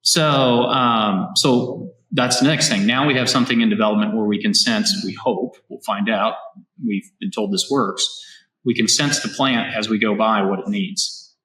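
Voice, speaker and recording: A man from Kansas, a farmer and robotics founder, telling his story as an interview guest in an animated, restart-filled way on a farm. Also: fairly low pitch, moderate pace. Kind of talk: casual interview conversation. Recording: echoey room.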